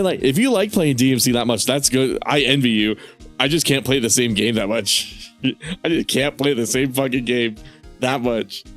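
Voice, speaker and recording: A man streaming a game, rambling casually, swearing and laughing often. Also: medium pitch. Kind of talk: casual gaming stream commentary.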